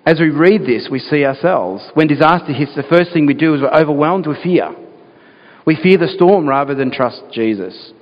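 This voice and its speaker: A man's voice: on the high side, expressive, moderate pace. A man preaching a sermon as pastor, earnest and talking through rhetorical questions to his listeners. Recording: dull sound with long hall reverb.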